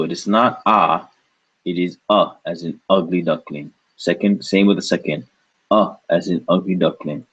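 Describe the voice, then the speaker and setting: Deep, husky male teacher, very slow and patient, repeats syllables, dull lo-fi recording. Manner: patient, repeats each syllable several times. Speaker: language teacher. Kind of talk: slow spoken language lesson.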